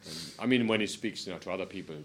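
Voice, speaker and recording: A middle-aged man chats loosely in English, his voice sitting very low. He wanders through his points with fillers and restarts. There is a faint hum of room noise behind him. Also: racing. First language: German. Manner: rambling, many fillers and restarts. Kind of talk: casual chat.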